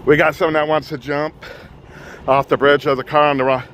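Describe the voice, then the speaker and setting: Brief: out-of-breath man, live street news streamer, urgent halting commentary, slightly high voice, faint outdoor noise. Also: little pitch movement. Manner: urgent, halting, repeats himself. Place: outdoors on a freeway bridge. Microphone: phone.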